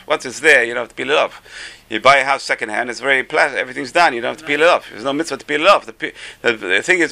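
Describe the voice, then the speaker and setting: A man, a rabbi, giving an animated Torah class, telling stories and mixing in Hebrew phrases. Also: mid-range voice, creaky.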